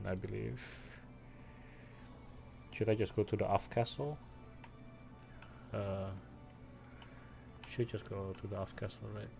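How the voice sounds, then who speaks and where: A man's voice: on the low side, gravelly. A man streaming a game, chatting casually and reading the text aloud with frequent self-corrections. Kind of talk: let's play commentary.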